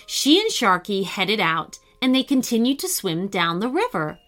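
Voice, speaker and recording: A woman narrating a children's story in a lively, expressive reading voice. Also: mid-range voice, normal speed, soft background music.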